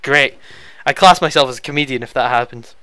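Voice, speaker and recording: This young YouTube Let's Player talks into a headset at home, rambling through viewer questions, chatty and easily flustered. His voice is medium-pitched and brisk, pushed and bright, clear and resonant, with no room sound.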